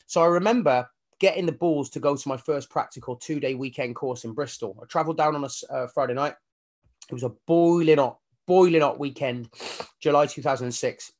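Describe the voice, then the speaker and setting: A man, a fitness coach telling his story as a guest in a casual interview, animated and swearing casually as he acts out his own inner voices. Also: fairly high pitch, brisk.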